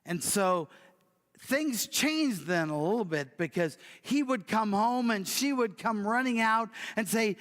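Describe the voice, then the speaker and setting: A man preaching and telling a story, swinging from loud bursts to near whispers. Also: high-pitched, unhurried. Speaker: pastor. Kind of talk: sermon storytelling. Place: church sanctuary. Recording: long church hall reverb.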